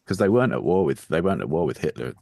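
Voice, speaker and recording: A man's voice: deep voice, big pitch swings, very fast, gravelly, a little mellow. A man talking casually as a podcast guest, agreeable and dryly amused. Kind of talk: casual chat.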